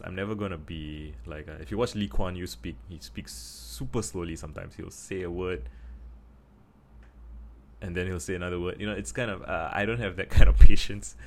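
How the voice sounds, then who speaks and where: A young Singaporean man with a Singaporean accent, musing in a casual video monologue and deliberately speaking slowly from his chest. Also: darkish tone, a little hiss or hum. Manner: practicing a slow, deep, chest voice; thoughtful, many fillers and restarts. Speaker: vlogger.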